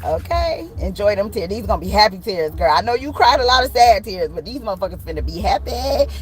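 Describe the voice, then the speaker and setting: A woman giving a casual tarot reading, animated and slangy, swearing and laughing often. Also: mid-range voice, brisk, few pauses, soft background music, low-quality recording. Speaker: tarot reader.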